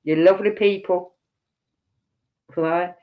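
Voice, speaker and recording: A woman's voice: lowish voice, fairly even intonation, slow. A woman with a Birmingham accent chats with her live audience in a loose, storytelling way. She slips into other people's voices as she retells what they said. The stream audio sounds dull and lo-fi. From Birmingham, England. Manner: chatty storyteller who acts out quoted voices. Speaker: livestream host. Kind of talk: casual chat to a live audience.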